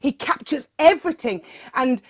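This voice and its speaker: High-voiced, animated woman DJ. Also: normal speed, breathy edge. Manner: animated and emotional, repeats words. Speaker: DJ guest. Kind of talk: casual interview chat.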